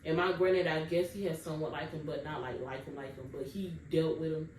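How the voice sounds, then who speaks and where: A woman's voice: sits low, steady tone, a little fast, darkish tone. Young woman, casual storytime vlogger, talks right to her viewers, distant mic in an echoey room. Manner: chatty, keeps addressing viewers directly. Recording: roomy, distant mic, faint background noise.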